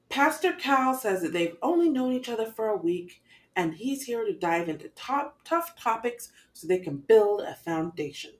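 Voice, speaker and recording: A woman co-hosting a podcast, recapping an episode in casual chat with expressive, exasperated commentary. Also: medium pitch. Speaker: podcast co-host.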